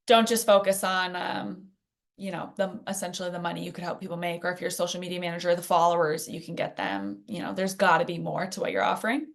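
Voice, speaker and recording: A woman's voice: fairly low pitch, fast talker, gravelly. A woman presenting a live workshop in a chatty, conversational way, full of fillers and asides. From Phoenix. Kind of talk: casual teaching in a live workshop.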